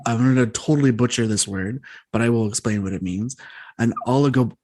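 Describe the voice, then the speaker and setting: A man's voice: medium pitch, a little fast, a little mellow, dry recording. Man reading notes on a podcast. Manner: reads researched notes with stumbles on hard words. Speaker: podcast co-host. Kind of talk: casual chat and read-out explainer.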